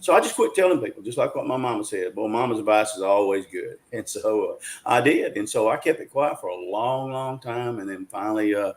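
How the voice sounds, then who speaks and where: A man's voice: on the low side, lively intonation, a little fast, hardly any pauses. A man, telling a story as an interview guest in an earnest, folksy way, with frequent restarts. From Arkansas, USA. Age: 60s.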